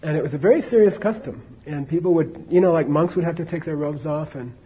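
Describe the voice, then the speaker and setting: Male teacher, husky, chatty storyteller with asides, dull recording. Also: a little high, fast talker. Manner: conversational, many fillers and asides to the audience. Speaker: Buddhist teacher. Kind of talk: casual dharma talk, storytelling.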